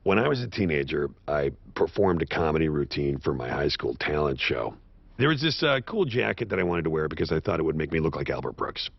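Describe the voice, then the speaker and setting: An actor voicing a bitter, self-loathing, washed-up horse sitcom star in an animated series, with a sardonic, self-mocking delivery. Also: male voice, creaky, husky, heavily acted. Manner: sardonic, self-mocking delivery with sudden high-pitched outbursts. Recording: dull lo-fi show audio.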